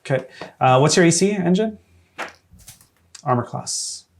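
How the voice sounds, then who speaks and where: A man's voice: fairly high pitch, expressive, vocal fry, a little hiss or hum. Laid-back man running a tabletop game. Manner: hesitant, many fillers, quick to laugh. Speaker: game master.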